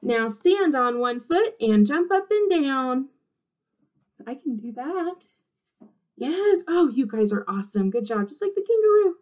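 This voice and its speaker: A woman kindergarten teacher with a fairly high voice leads little children through a movement storybook. She talks in an animated, sing-song way, cheering them on after every action. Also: unhurried. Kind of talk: interactive read-aloud for young children.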